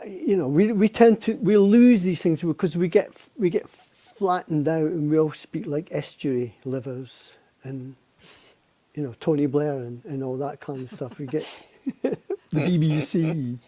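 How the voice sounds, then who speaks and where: A man's voice: fairly high pitch, normal speed, dark tone, dry recording. A Scottish man, a guest poet, chatting on a video call. He chuckles often and repeats words as he thinks. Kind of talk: casual chat on a live stream.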